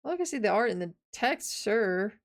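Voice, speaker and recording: A woman's voice: mid-range voice, sing-song, moderate pace. Chatty young woman streamer. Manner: chatty, self-mocking, loose slang. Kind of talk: casual let's-play commentary, reading game text aloud.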